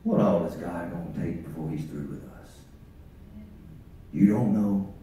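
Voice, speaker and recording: A man preaching an impassioned revival sermon in a church, swinging between shouts and hushed, low stretches. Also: a little slow, lo-fi sound, a little hiss or hum. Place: church sanctuary. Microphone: distant from the mic. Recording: echoey church from far off.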